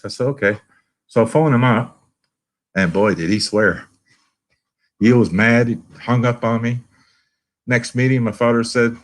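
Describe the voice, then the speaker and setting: A man's voice: mid-range voice, fairly even intonation, measured pace, long pauses. A middle-aged man from Canada with a Canadian accent, telling recovery stories in a casual, earnest, folksy way. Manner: earnest, folksy, quotes people in raised voices. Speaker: recovery meeting guest. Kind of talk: casual storytelling.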